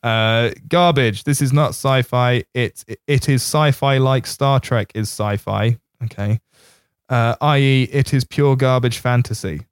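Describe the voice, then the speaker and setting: A man hosts a film podcast in relaxed, casual conversation, laughing often as he goes. His voice sits in a middle pitch, recorded close and dry. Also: measured pace, clear, resonant tone, no room sound. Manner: laid-back, laughs often. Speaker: podcast host. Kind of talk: casual chat.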